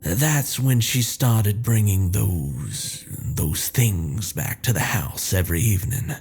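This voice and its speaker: A man's voice: fairly low pitch, animated, slow pace, a little mellow, husky, soft background music, full character voice. A man voicing a blunt, folksy grandmother in her fifties who speaks with a thick accent and familiar terms of endearment. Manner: blunt, familiar, calls people honey.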